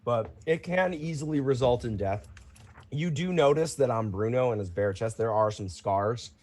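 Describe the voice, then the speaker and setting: A man narrating as game master of a tabletop role-playing game, in a relaxed way. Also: mid-range voice, normal speed.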